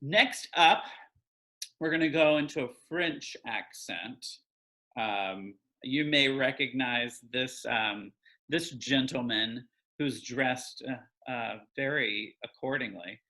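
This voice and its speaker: A man's voice: medium pitch, slow, sharp tone. A man hosting a casual online interview show, upbeat and effusive, repeating his praise. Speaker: host.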